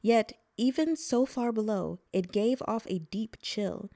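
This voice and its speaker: A woman reading a novel aloud as narrator, in a plain, steady storytelling manner. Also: on the high side, measured pace, dry recording. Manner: plain steady narration, voices dialogue briefly. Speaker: audiobook reader.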